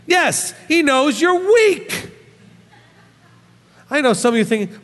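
A man preaching a sermon as a rabbi teacher, scolding with rhetorical questions and animated swings. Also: extremely high pitch, a little slow, big-room sound.

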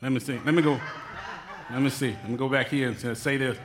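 A man, a church elder, giving a joking, animated sermon on marriage to his congregation. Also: medium pitch, quick pace, noisy background. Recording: reverberant hall.

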